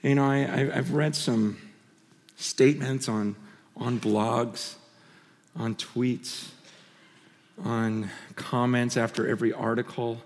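A man's voice: mid-range voice, takes it slowly, pauses often. Preaching man in an echoing hall. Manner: swings between animated bursts and hushed, intimate storytelling. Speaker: pastor. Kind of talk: sermon. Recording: long reverb of a large hall.

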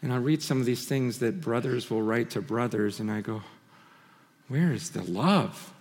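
A man preaching a sermon, swinging between animated bursts and hushed, intimate storytelling. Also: medium pitch, a little fast. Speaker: pastor. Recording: long reverb of a large hall.

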